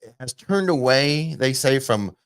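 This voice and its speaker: A man's voice: mid-range voice, expressive, a little slow, fairly bright tone, smooth, no echo, studio quality. A man hosting a casual theme park news podcast, chatty and loose, with plenty of fillers. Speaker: podcast host.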